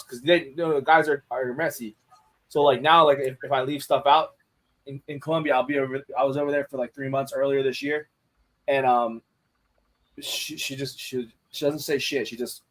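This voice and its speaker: A man's voice: medium pitch, fairly quick, fairly bright tone. A man in casual podcast chat, speaking candidly with frequent swearing and restarts. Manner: candid, profane, many restarts.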